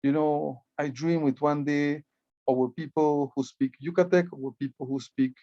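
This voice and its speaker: Man, belizean accent, presentation on glyphs, earnest, repeats words, slightly high voice, dull dry recording. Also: steady tone, unhurried, dark tone, no room sound. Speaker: Maya writing club educator and guide. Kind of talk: presentation explaining hieroglyphs.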